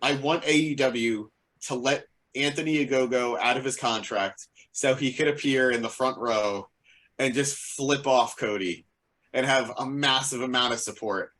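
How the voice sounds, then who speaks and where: A man's voice: mid-range voice, moderate pace, a bit bright. A man co-hosting a casual podcast, playful and rambling with jokey asides. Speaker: podcast co-host. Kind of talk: casual chat.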